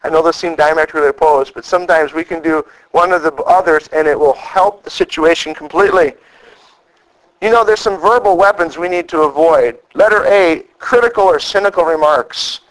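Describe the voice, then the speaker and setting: Male pastor, middle-aged, high-pitched, animated sermon delivery with acted-out quotes. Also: fairly quick, rough recording. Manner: animated storytelling, acts out quoted lines.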